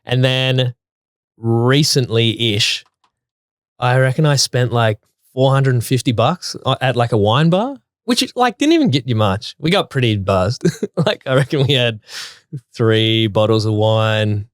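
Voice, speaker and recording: A man's voice: mid-range voice, animated, unhurried, no echo. Man, podcast co-host, rambling casual chat, dry sound. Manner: laid-back, rambling with fillers.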